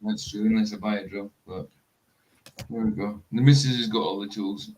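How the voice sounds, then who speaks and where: A man's voice: fairly low pitch, fairly even intonation, moderate pace, a little mellow, a little hiss or hum. Joking man chatting casually on a stream. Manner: joking, laughs often, wanders off mid-sentence. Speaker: livestream host. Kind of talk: casual chat.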